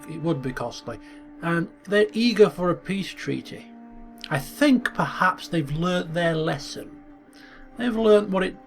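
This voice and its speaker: A man's voice: sits high, creaky, a bit bright. A man hosting a strategy game video, thinking aloud in a chatty way with stumbles and small chuckles. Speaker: gaming channel host. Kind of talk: strategy game commentary with role-play asides.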